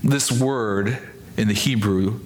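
A man preaching a sermon as a pastor, talking through scripture and acting out the quoted speech with lively emphasis. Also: on the low side, takes it slowly.

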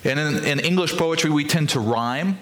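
A man serving as pastor preaches a sermon at a normal speed in a fairly high voice, working through scripture and performing the quoted speech with lively emphasis.

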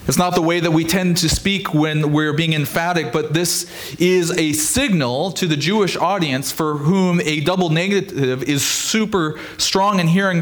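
A man's voice: on the high side, normal speed, few pauses. Earnest man preaching a sermon. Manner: earnest, steady preaching with emphatic repetition. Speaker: pastor.

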